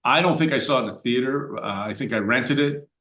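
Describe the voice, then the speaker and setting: A man's voice: mid-range voice, a little fast, fairly bright tone, muffled recording. A middle-aged American man hosting a podcast, talking in a casual, rambling way with frequent fillers and restarts. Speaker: podcast host. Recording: roomy echoey room.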